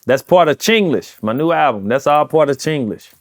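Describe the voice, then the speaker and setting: A man's voice: a little high, lively intonation, normal speed, no room sound, clean studio sound. A man in his forties with a St. Louis accent, talking casually as an interview guest and repeating phrases for emphasis. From St. Louis, USA.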